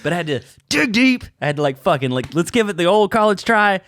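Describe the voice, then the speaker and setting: Animated male comedian, dry close mic, chatty storyteller who jumps into voices. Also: high-pitched, fast talker, no room sound. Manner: animated, acts out voices in his stories. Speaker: podcast co-host, comedian. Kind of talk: casual storytelling chat.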